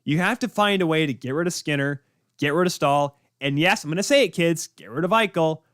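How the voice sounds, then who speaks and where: A young man hosting a live sports talk show, ranting in an exasperated, rapid-fire way. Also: a little high, fairly bright tone, dry recording, studio quality. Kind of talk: live sports opinion rant.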